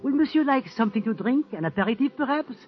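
A fussy French waiter. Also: male voice, very high-pitched, animated, quick pace. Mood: obsequious. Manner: obsequious, lilting, sprinkles French phrases. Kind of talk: 1940s radio acting. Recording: dull old radio recording.

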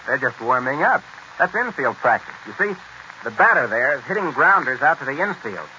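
A man narrating in a brisk, explanatory way, in a 1940s radio documentary. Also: mid-range voice, big pitch swings, bright, forceful tone, slight background noise. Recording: dull lo-fi 1940s radio recording.

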